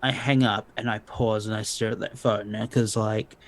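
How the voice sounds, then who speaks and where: A man's voice: on the low side, little pitch movement, rough recording. A man playing a tabletop game in character, hesitant and full of ums. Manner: slow, hesitant, many ums. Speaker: player.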